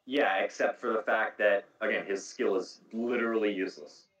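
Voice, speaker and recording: A man's voice: on the low side, fairly even intonation, normal speed, a bit bright. A man hosting a casual podcast chat about video games, explaining game details at length. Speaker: podcast host. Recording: echoey room, distant mic.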